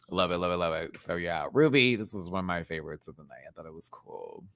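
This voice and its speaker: A man in his thirties reviewing a drag show in casual chat, telling stories with lively swearing and sudden squeals of laughter. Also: deep voice, fairly quick, no room sound. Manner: animated storytelling, swears freely, bursts into laughter and squeals.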